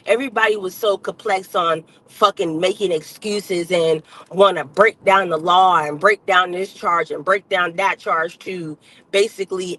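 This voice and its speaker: A woman's voice: lowish voice, a bit bright, poor audio. A woman on a livestream, ranting bluntly with heavy cursing and lots of emphatic repetition. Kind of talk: unscripted livestream rant.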